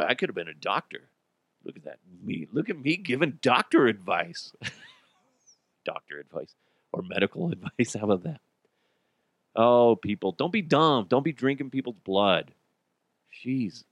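Male podcast host, lively swooping pitch, profane, laughs a lot, dry close sound. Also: normal speed, creaky, long pauses, no room sound. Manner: profane, animated, laughs often. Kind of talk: comedic solo commentary.

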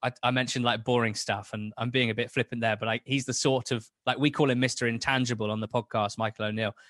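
A man's voice: medium pitch, little pitch movement, quick pace, a bit bright, no echo. Enthusiastic rambling man, dry sound. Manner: enthusiastic, rambling, many restarts. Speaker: football podcast guest. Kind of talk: casual chat.

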